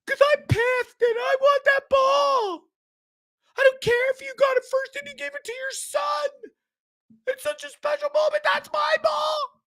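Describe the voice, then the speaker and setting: A man doing a shrill, sobbing, entitled woman. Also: flat delivery, measured pace, full character voice. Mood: screeching sob. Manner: screeching, whiny, crying while shouting.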